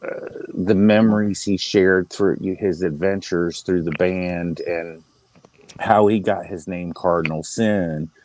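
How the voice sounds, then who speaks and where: Low-voiced man speaking haltingly. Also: steady tone, darkish tone, a little hiss or hum, poor audio. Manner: halting, emotional, with many restarts. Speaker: panelist. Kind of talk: heartfelt tribute in a casual online panel chat.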